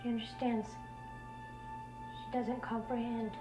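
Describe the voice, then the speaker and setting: A woman's voice: on the high side, level tone, takes it slowly. An actress playing a young woman crew member who speaks in a detached, cryptic way, in a clip from a TV drama. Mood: dreamy. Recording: echoey clip under music.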